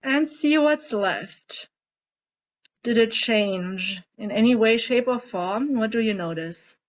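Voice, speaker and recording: A woman coaching a group through a guided tapping and emotion-release exercise, speaking in a gentle, coaxing way and asking many guiding questions. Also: fairly high pitch, takes it slowly, muffled recording. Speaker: emotional eating coach leading a group session.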